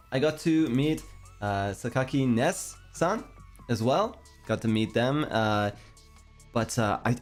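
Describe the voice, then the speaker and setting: A young man with a Canadian accent, chatting casually on a stream in a meandering, hesitant, self-deprecating way. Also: on the low side. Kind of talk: casual chat. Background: faint background music.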